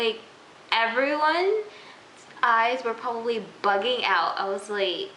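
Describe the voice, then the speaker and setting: Young woman chatting about a tv episode, kinda high bright voice, giggles a lot, echoey room w a little hiss. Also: a little slow. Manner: chatty, giggly, full of "like" and "you know". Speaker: TV episode reviewer. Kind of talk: casual recap vlog.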